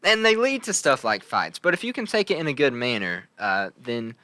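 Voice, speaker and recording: This young man from Logan hosts a casual podcast chat in a mid-range voice with huge pitch swings, a sharp tone and a moderate pace. He tells stories playfully, tagging lines with "right?", on a dry recording.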